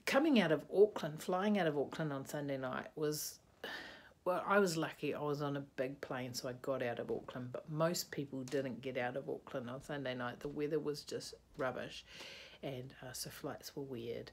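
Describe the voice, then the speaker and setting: A woman's voice: a bass voice, moderate pace, slight background noise. A woman vlogging casually indoors, rambling and chatty, sleepy and yawning. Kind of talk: casual video-reply vlog. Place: indoors, bedroom with a bedspread.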